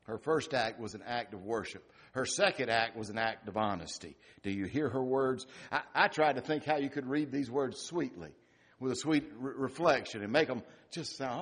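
A middle-aged male pastor preaching a sermon, rising to loud emphatic peaks and dropping to quiet, hushed lines. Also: mid-range voice, lively intonation, moderate pace, slightly rough.

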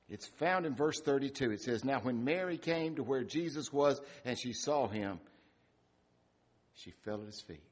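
A middle-aged male pastor preaching a sermon, rising to loud emphatic peaks and dropping to quiet, hushed lines. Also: on the high side.

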